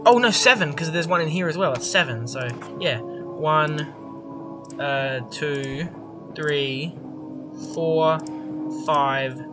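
A young adult gamer reacts loudly to the shocks of a horror game, keeping up a casual, excitable running commentary peppered with swearing. The voice is mid-range.

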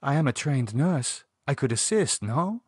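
A man voicing a calm, practical woman nurse who speaks politely and persuasively. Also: medium pitch, a little slow, husky, no room sound, clean studio sound, pitched above the performer's own voice.

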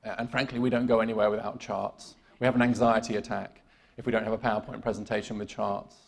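Wry British man with a gravelly voice. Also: lowish voice, little pitch movement, fast. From United Kingdom. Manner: wry, self-deprecating humor with many fillers and restarts. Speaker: keynote speaker. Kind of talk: conference keynote talk. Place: conference hall.

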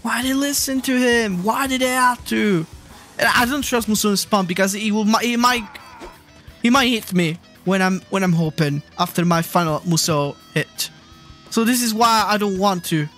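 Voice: medium pitch, normal speed, faint music behind. Swearing, exasperated gameplay streamer. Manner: exasperated, swears often, shouts suddenly at the game. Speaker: streamer playing a video game. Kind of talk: live gameplay commentary.

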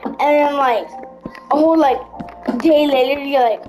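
A woman's voice: sits high, fairly even intonation, normal speed, darkish tone, rough recording. A woman giving casual gameplay commentary, rambling and repeating herself as she builds. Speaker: gaming video creator. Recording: clear background music.

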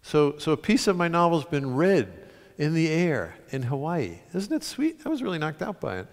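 A man from the United States, an author telling stories and reading aloud to an audience, animated, with sudden loud bursts. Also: a little high, normal speed. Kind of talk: storytelling talk and reading to an audience. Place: large concert hall with an audience. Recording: long hall reverb.

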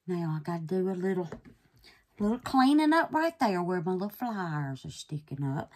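A woman's voice: on the low side, lively intonation, moderate pace, a little mellow. A woman hosting a casual resin craft vlog. She is chatty and affectionate, calls her viewers babies and honey, and drops into nervous whispers while she works. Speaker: resin craft channel host.

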